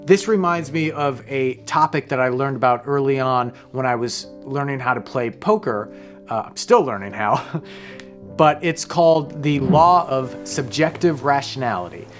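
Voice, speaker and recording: A man's voice: medium pitch, moderate pace, faint music behind. A man hosting a casual explainer monologue, talking loosely, wandering into side stories and swearing offhand. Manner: rambling, conversational, off-hand swearing. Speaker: host, comedian.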